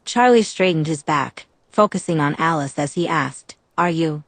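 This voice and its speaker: A woman narrating a fan-fiction audiobook in a steady, even reading. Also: low voice, moderate pace, no room sound.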